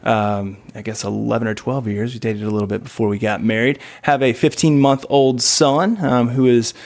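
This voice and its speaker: A man's voice: medium pitch, fairly even intonation, moderate pace, a little mellow. A man in his thirties with a slight Southern US accent, a podcast guest who jokes about himself and laughs easily. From South Carolina, USA. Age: 30s. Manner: laughs easily, self-deprecating joking. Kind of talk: casual interview chat.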